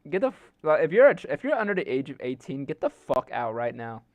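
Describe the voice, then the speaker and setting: A man's voice: medium pitch, very animated, fast talker, no room sound, highs cut off. Swearing, exasperated young streamer guy. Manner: exasperated, swears heavily, rambling and joking. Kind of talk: casual live-stream rant.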